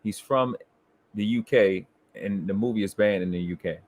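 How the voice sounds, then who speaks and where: A man's voice: fairly low pitch, normal speed, a little mellow. A man in casual live-stream chat, talking boastfully and emphatically with heavy profanity. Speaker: co-host.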